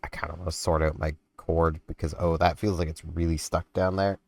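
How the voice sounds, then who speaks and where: A man casually rambling while commenting on his gameplay, his voice hoarse and not yet warmed up. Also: sits low, flat delivery, brisk. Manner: rambling, chatty, self-deprecating. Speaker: gaming video host. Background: game music.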